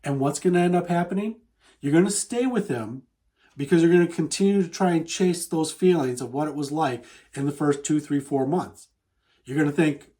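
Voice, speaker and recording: A man's voice: fairly high pitch, normal speed, dark tone. Earnest man giving dating advice. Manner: earnest, emphatic and repetitive, addressing the listener as "you". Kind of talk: direct-to-camera advice talk.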